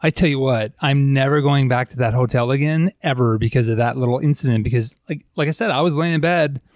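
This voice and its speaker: A man's voice: medium pitch, fast, no room sound. Easygoing male host, dry sound. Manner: easygoing, skeptical, chatty. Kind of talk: casual conversation.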